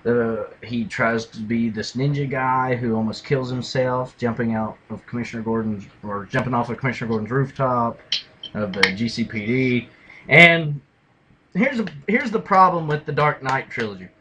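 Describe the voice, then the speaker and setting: A man co-hosting a casual podcast, retelling and mocking movie scenes with animated delivery and loud impressions. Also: medium pitch, normal speed, slight background noise, low-quality recording. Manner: animated storyteller, mimics lines in a loud gravelly shout. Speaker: podcast co-host. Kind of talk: casual movie review chat.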